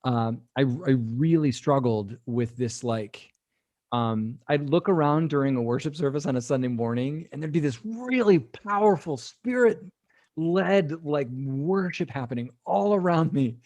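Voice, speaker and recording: A man, an executive pastor, talking as a podcast guest in a reflective, hesitant way with many pauses and restarts. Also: fairly high pitch, animated, a little mellow, dry recording. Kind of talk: casual conversation.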